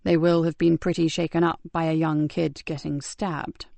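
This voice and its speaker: A woman voicing a calm, thoughtful male detective sergeant in an audiobook, speaking in a measured way. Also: sits low, creaky, no room sound. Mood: pensive. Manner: measured and pensive. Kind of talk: audiobook character voice.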